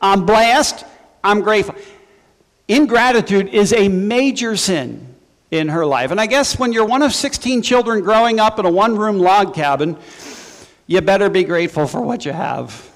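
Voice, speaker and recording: A man's voice: high-pitched, expressive, normal speed. Guy preaching a sermon, talks casual with little jokes, long echo like a big hall. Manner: conversational preaching with asides and humor. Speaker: pastor.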